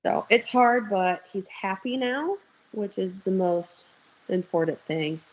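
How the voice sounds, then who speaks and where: A woman's voice: medium pitch, lively intonation, takes it slowly, poor audio. Young woman chatting on a video call, blunt and swears a lot, tells long stories. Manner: candid, swearing, storytelling. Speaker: guest. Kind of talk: casual chat.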